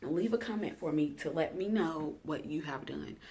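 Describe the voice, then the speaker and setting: A woman's voice: sits low, moderate pace, a little mellow. A young adult woman vlogger talking straight to camera in a casual self-care check-in, chatty and direct, asking her viewers questions.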